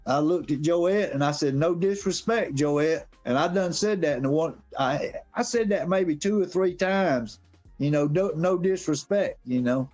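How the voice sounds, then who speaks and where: A high-voiced man with a drawl spins a rambling yarn full of profanity. His delivery is animated and casual, with faint music playing behind him. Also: moderate pace. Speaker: guest on a live stream. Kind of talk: casual storytelling.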